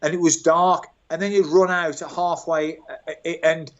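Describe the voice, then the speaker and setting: A man's voice: a little high, moderate pace, lo-fi sound. Older man spinning self-mocking football stories. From England, Birmingham. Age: 60s. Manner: animated, self-mocking anecdotes. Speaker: guest, former footballer. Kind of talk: storytelling interview.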